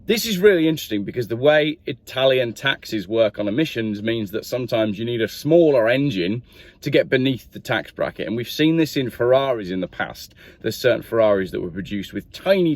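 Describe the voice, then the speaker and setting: Brief: man hosting a car review vlog, chatty and jokey, lively intonation, dry recording. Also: mid-range voice, dry recording. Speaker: car reviewer, channel host.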